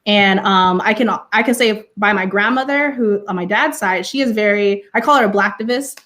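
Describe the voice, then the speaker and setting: A young adult woman from California, a teacher, speaks on a panel about her personal experiences, earnest and passionate, and often says "you know." Her voice is mid-range and fairly bright, at a normal speed.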